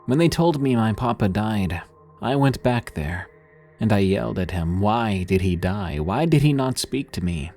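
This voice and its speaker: Grieving immigrant son, heartbroken, raised pleading delivery, deep, read by a male narrator. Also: animated, normal speed, a little mellow, soft background music. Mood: bitter.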